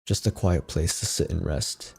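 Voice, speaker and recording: A man's voice: deep voice, moderate pace, gravelly, a little mellow, slightly rough, voice pushed down, heavily acted. A man voicing a needy boy who grows into a tired old man, in a plain, weary way.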